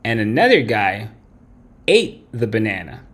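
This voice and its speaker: A man's voice: fairly low pitch, big pitch swings, measured pace, fairly bright tone. A man hosting a late-night livestream, ranting bluntly with constant swearing and tagging his points with "right?". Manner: blunt, heavy swearing, tags lines with "right?". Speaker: livestream host. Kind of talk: profane late-night stream rant.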